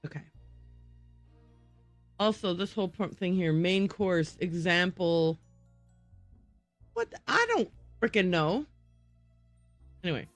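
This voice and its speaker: A woman's voice: fairly low pitch, big pitch swings, slow, pauses often, no echo, soft background music. A woman streaming a game, thinking aloud and muttering to herself as she works through word puzzles. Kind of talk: casual gameplay livestream.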